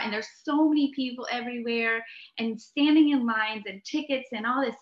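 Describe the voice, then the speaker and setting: A young adult woman, a podcast guest, telling a story in an animated way, laughing often and full of filler words. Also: on the high side. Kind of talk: storytelling in a conversation. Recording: echoey room, dull lo-fi sound.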